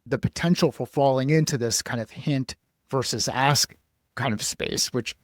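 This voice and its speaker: A man's voice: mid-range voice, moderate pace, dry recording, clean studio sound. A man hosting a podcast who asks long, rambling questions with enthusiasm. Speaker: podcast host. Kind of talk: casual podcast interview.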